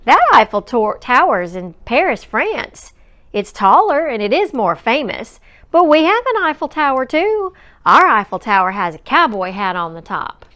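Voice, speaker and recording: A woman's voice: fairly high pitch, very animated, moderate pace, bright, forceful tone, voice pushed up. A woman voicing a friendly young schoolboy in a read-aloud storybook, speaking earnestly and matter-of-factly. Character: boy, young, friendly new classmate.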